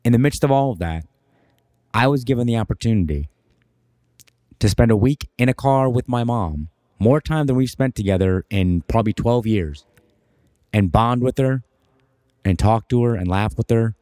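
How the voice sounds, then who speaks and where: A young man co-hosting a podcast, telling a personal story in an animated, emphatic way. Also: mid-range voice, normal speed, pauses often, dry recording, studio quality. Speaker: podcast co-host. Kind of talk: casual storytelling.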